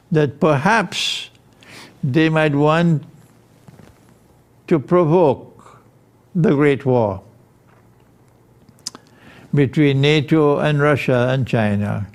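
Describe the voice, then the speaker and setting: A male preacher lectures at a very unhurried pace, leaving long pauses between short phrases. His delivery is deliberate and emphatic. He poses rhetorical questions to his audience and then answers them himself. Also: a little high, a little mellow. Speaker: Islamic preacher. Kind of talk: measured religious lecture.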